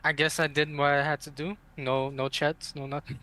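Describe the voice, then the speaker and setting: A man's voice: a little high, flat delivery, normal speed, bright, forceful tone, slight background noise. A man playing in a tabletop game, laid back, chuckling between words. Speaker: player. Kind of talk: casual tabletop play.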